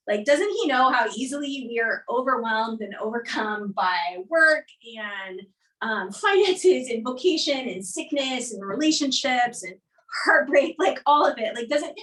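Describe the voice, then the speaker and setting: A woman's voice: a little high, animated, measured pace, bright, forceful tone. A woman leading a casual church discussion, talking animatedly with many fillers and laughs. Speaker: discussion leader. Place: live church gathering in a room. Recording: echoey room from a distance.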